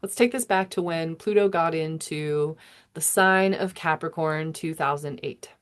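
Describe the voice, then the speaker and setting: Meandering woman astrologer, lowish voice. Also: a little slow. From United States. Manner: meandering, self-interrupting, chuckling. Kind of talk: casual musing monologue.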